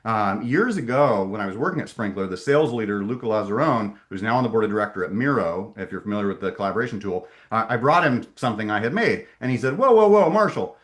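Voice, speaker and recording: A man's voice: fairly low pitch, expressive, quick pace, hardly any pauses, fairly bright tone. A middle-aged man presenting a webinar in a casual way over a video call, enthusiastic and often hesitating and restarting his sentences.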